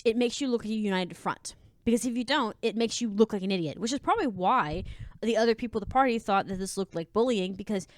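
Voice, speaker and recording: A woman's voice: fairly high pitch, no echo. Sassy chatty woman commentator, dry close mic. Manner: sassy, chatty, many restarts and asides. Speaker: commentator reading advice posts. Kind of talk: casual commentary on reader stories.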